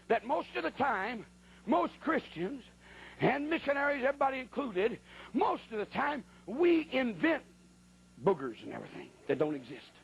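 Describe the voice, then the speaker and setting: A man's voice: high voice, creaky, dull audio, a little hiss or hum. A man preaching in a church, telling a folksy, colloquial story as part of a sermon. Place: church at a pulpit.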